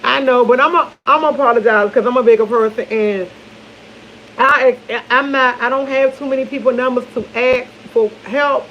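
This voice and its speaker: In a morning coffee vlog, she chats loosely and laughs, calling her audience y'all and often losing her train of thought. Her voice is on the high side and fairly bright, steady in tone at normal speed, and the lo-fi recording has slight background noise.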